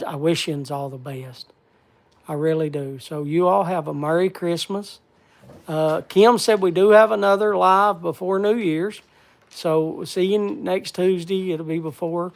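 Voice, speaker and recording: A man hosting a casual live stream, thanking viewers in a halting, repetitive, heartfelt way. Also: a little high, steady tone, vocal fry. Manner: halting and repetitive, stumbling over words. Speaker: livestream host.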